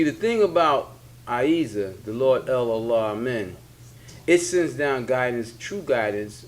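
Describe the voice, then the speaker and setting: A man, a religious leader giving a casual spiritual teaching, repeating his points in colloquial speech. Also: mid-range voice. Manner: preachy, repetitive, colloquial. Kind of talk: spiritual teaching in a sit-down talk.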